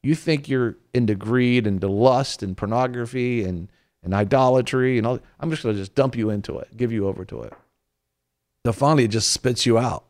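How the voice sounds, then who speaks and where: Man preaching in a lively, conversational way. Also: medium pitch. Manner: animated, acts out quoted voices. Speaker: minister on a faith talk show.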